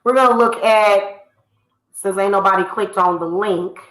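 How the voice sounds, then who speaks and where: Scolding woman, bright echoey voice. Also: mid-range voice, a little slow, a little hiss or hum. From United States. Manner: heated, scolding, addresses people directly. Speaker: spiritual reader and channel host. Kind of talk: ranting monologue to camera. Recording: echoey room.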